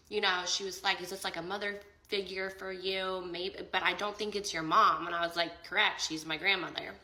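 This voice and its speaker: This vlogger's fairly low voice sounds bright and forceful, captured in a roomy, rough recording. The young woman recounts an emotional personal story casually, voicing both sides of a conversation, using "like" constantly, and becoming tearful toward the end.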